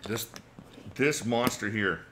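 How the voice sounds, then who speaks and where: A man's voice: on the low side, slow pace, background noise. A man in his forties hosting a casual livestream Q&A, chatty, reading viewer questions aloud and chuckling often. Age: 40s. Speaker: channel host.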